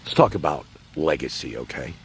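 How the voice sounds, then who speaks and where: A man's voice: a bass voice, animated, brisk, a little hiss or hum. A man hosting his own livestream, rambling casually and talking straight to his chat. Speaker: livestream host.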